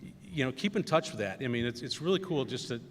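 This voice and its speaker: A man's voice: medium pitch, animated, fast, slight background noise. Middle-aged man, commencement speaker, loose anecdotal delivery, long hall reverb. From Wisconsin. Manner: storytelling with many fillers and acted quotes. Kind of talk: anecdotal speech. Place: large hall.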